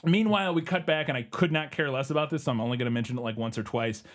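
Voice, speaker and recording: Excitable laughing male podcast host. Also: mid-range voice, very fast. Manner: excitable, laughs a lot, swears. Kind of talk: casual chat.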